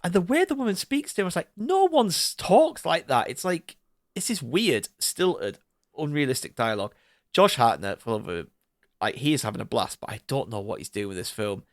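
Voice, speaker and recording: A man co-hosting a podcast, chatting casually about a film, animated and swearing freely, often mimicking characters. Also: mid-range voice, brisk, dry recording, clean studio sound. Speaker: podcast co-host. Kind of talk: casual film review chat.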